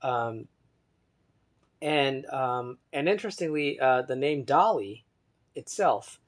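A man's voice: medium pitch, animated, slow pace. A man giving a rambling solo monologue, reading aloud from an article with many fillers and restarts and stopping to spell words letter by letter. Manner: drifts between soft muttering and louder emphasis.

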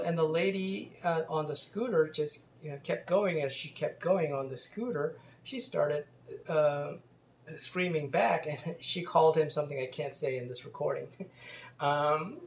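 A man's voice: on the high side, slight background noise. A man telling a personal story in a casual monologue, rambling with many restarts and fillers. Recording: roomy echo.

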